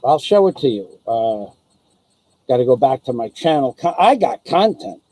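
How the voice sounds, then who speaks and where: A man's voice: medium pitch, very animated, moderate pace, warm tone, no room sound, rough recording. A man ranting angrily and profanely on his own live stream, taunting and threatening someone. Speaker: vlogger. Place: living in the Philippines.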